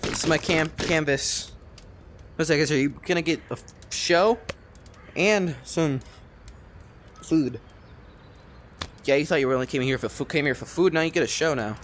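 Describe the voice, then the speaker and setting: A man giving let's-play commentary, rambling and excitable, swearing often and talking to himself as he plays. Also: on the high side, moderate pace, pauses often, slight background noise. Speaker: gamer playing a cooking game.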